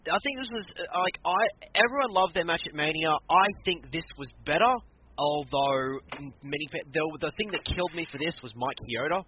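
Male podcast co-host, lively storyteller, higher voice, lo-fi noisy recording. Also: brisk. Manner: animated storytelling, acts out quotes. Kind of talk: casual chat recapping matches. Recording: muffled lo-fi audio with background noise.

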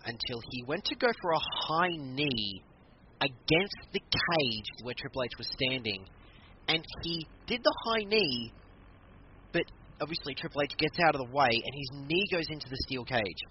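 Animated man recapping a match, lo-fi. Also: mid-range voice, normal speed. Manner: animated, laughing, acts out quotes. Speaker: wrestling podcast co-host. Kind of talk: casual chat recapping a match. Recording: muffled lo-fi recording with clear background noise.

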